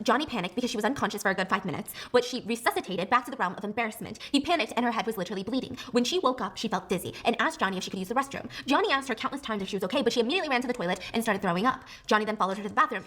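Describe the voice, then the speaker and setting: A woman reading a story aloud with animated, excitable delivery. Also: fairly high pitch. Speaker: story narrator.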